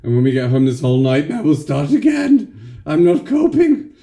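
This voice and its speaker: A man's voice: fairly high pitch, wildly swooping pitch, normal speed, dark tone, pitched above the performer's own voice. A man voicing a frazzled, sleepless young mother who pleads for help. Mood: desperate. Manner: frantic, pleading.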